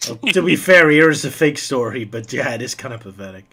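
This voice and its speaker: A man's voice: medium pitch, expressive, fairly quick, fairly bright tone. A man hosting a casual podcast chat, laughing readily and handing turns to his co-hosts. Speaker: podcast host.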